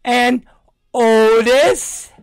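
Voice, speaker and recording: A man's voice: very high-pitched, steady tone, very slow, clean tone, no room sound, studio quality, voice pushed up, heavily acted. A man putting on the voice of his young son, earnest and matter-of-fact, within a comedic story.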